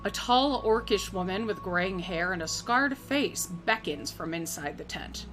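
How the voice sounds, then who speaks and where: A woman narrating as game master of a tabletop game, halting as she searches for words. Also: lowish voice, lively intonation, a bit bright, soft background music.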